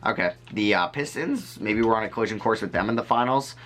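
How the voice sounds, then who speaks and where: A man giving casual, chatty gameplay commentary to his viewers, rambling and easily excited. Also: on the low side, fast. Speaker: gaming video creator.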